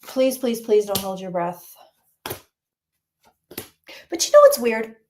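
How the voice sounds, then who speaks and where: A woman's voice: on the high side, sing-song, slow, a little hiss or hum. Chatty woman reading tarot live. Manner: chatty, exclamatory, answering chat questions. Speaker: psychic reader.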